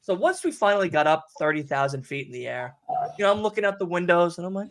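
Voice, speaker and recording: Young New York guy, podcast host, rambling and swearing, voice on the higher side. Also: fast talker. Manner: rambling, profane, animated storytelling. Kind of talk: casual chat.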